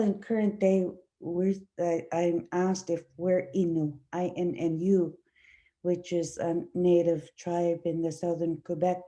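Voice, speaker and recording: A woman from Igloolik whose first language is Inuktitut, speaking as an actress on a panel in a slow, searching way with many fillers and restarts. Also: lowish voice, little pitch movement, mellow. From Igloolik, Nunavut. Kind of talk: panel discussion answer.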